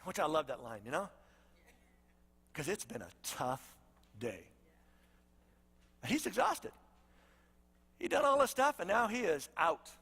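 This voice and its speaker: A pastor preaching in a relaxed, chatty storytelling style, his voice high and bright. It carries with a long reverb through a large church hall. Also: measured pace, vocal fry, long pauses, husky. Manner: conversational, storytelling, animated asides. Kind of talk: sermon.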